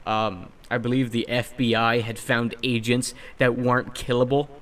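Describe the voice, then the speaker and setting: A young man co-hosting a podcast, telling a story in casual chat, animated and swearing, acting out quotes loudly. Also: mid-range voice, moderate pace. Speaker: podcast co-host.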